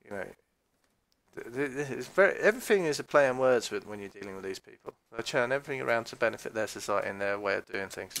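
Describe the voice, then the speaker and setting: A man gives casual, mocking commentary on a police recording, swearing freely. His voice is gravelly, a bit bright, fast and animated, and now and then he mimics voices with sudden high outbursts.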